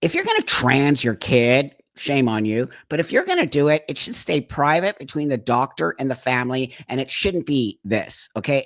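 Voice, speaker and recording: Emphatic, indignant stream host. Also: male voice, mid-range voice, a bit bright, no room sound, clean studio sound. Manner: emphatic, indignant, quick to agree. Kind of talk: casual live stream chat.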